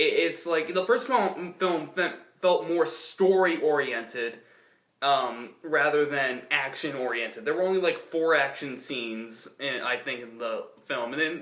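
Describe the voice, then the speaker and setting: A young man talks through a casual film review, stopping and restarting his sentences often. His voice sits a little high and sounds bright and forward. The room around him is echoey. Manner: rambling, full of restarts and fillers.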